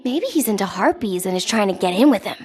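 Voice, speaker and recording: A woman's voice: medium pitch, very animated, fast talker, darkish tone, faint music behind, close to an everyday voice. A woman voicing a young, bratty goddess of strife in a video game, mocking and flippant, with a sarcastic drawl. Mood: taunting. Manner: mocking, flippant, calls the hero babe. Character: Eris, wild goddess of strife, taunting and gleeful. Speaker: game character.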